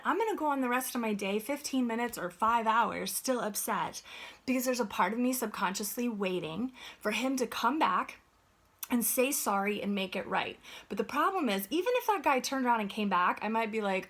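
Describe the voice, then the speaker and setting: A woman giving an earnest, conversational motivational talk as a life coach, often checking in with "right?". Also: a little high.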